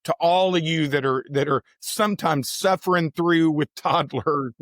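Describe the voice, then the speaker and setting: A man's voice: on the high side, normal speed, a bit bright, dry recording, clean studio sound. A man, a pastor hosting a church podcast, breaking in with earnest asides to listeners and stumbling over his starts. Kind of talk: conversational interview hosting.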